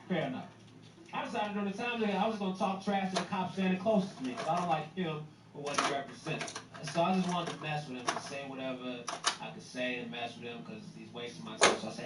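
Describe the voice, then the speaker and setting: A man's voice: fairly high pitch, very noisy. A man doing a stand-up comedy routine, telling a story in a brash, sarcastic way. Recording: echoey room, distant mic, music.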